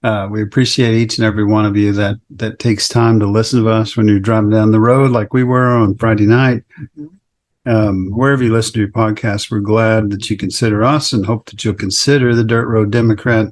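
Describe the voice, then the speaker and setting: A man co-hosting a podcast, speaking in a calm, measured way as he wraps up. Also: lowish voice. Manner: calm, measured sign-off delivery. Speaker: podcast co-host. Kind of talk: casual podcast chat.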